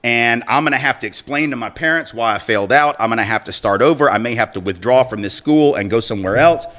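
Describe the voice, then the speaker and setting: Man, middle-aged, public speech, conversational storytelling, mid pitch. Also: quick pace, a bit bright. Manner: conversational storyteller, acts out quoted voices. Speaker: speaker.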